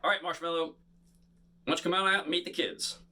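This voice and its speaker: A man performing a bubble show for children, talking to them in playful, animated patter. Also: a little high, quick pace, heavy background noise. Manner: animated, playful, talks straight to kids.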